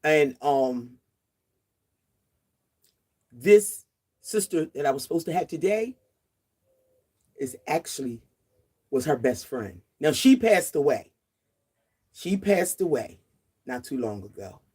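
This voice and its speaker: A woman's voice: low-pitched, sing-song, takes it slowly, pauses often, slightly rough. Chatty woman in her sixties hosting outdoors. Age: 60s. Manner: chatty, laughs often, warmly greets viewers. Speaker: livestream host. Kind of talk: casual livestream chat.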